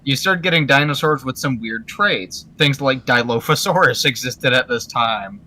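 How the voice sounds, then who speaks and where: A man's voice: medium pitch, normal speed, bright, forceful tone. A man chatting casually on a podcast, rambling and searching for words with many fillers. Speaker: podcast co-host. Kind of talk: casual chat.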